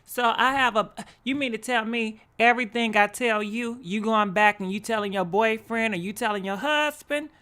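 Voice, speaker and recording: Host: woman with a bright, sharp tone, blunt and sassy, talks straight to the audience. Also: fairly high pitch, moderate pace, hardly any pauses. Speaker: commentary host. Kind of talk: gossip commentary.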